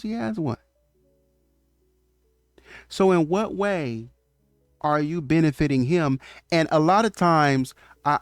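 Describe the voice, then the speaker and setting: A man's voice: fairly high pitch, no room sound, studio quality. A man giving an opinionated commentary monologue on relationships, lecturing emphatically and often stammering through restarts.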